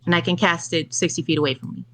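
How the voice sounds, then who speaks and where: A woman's voice: on the low side, steady tone, quick pace, a bit bright. A woman player who methodically narrates her character's moves in a tabletop game, using many filler uhs.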